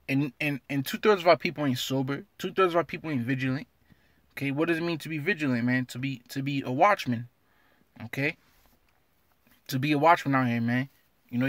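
A man's voice: mid-range voice, no room sound. A man giving an informal scripture lesson, blunt and streetwise, tagging his lines with "man" and reading verses aloud in an old-fashioned cadence. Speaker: religious teacher.

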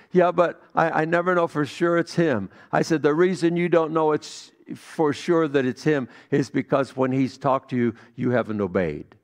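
Gravelly-voiced pastor preaching a sermon. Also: male voice, mid-range voice. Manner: storytelling, swings from hushed to emphatic.

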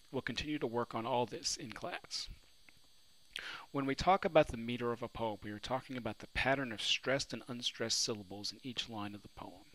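The poetry teacher speaks in a bright, forceful, medium-pitched voice, captured on poor audio. In this recorded New Orleans lecture, he poses questions to his students and then supplies the answers himself.

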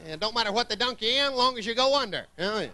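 Southern male stand-up comic, folksy and wisecracking, high bright voice. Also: lively intonation, fast talker, a little hiss or hum. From Columbus, Georgia, US. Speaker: stand-up comedian. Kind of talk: stand-up comedy set. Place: comedy club stage.

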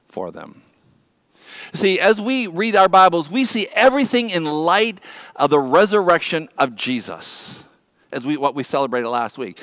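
A male pastor preaching in a conversational way, sinking his voice low and quiet on the words he stresses. His voice sits high for a man. The sound is close and dry, with little room around it. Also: no echo. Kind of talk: sermon. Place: church.

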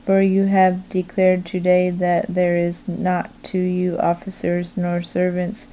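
A stern male commander lays out his rebuke in a slow, flat voice, read by a woman. The tone is mellow and dark, and the pitch barely moves. It is read plainly rather than acted. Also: slight background noise, low-quality recording. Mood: rebuking. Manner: flat, slow, unhurried reading.

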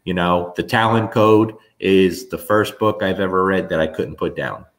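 A man's voice: low voice, moderate pace. A middle-aged man from New Jersey telling stories in a casual chat with viewers, rambling with restarts. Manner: animated storyteller, rambling restarts. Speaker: host.

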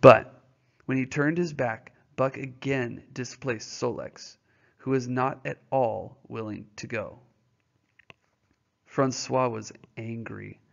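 A man's voice: mid-range voice, fairly even intonation, slow pace, creaky. A male teacher reading a novel aloud and explaining it to students in a patient, informal way, often checking their understanding with questions. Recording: dull lo-fi recording.

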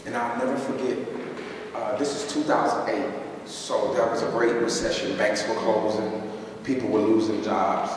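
A man's voice: fairly even intonation, moderate pace, noisy background. Male pastor, sermon delivery, heard from a distance in a reverberant sanctuary. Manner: preaching that swings from low and conversational to high shouting. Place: church sanctuary. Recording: echoey hall, distant mic.

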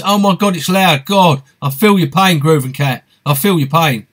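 A man's voice: high-pitched, normal speed, hardly any pauses, a bit bright. A man hosting a live stream, reading out viewer comments and answering them in a chatty, friendly way. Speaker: host of a fishing live stream.

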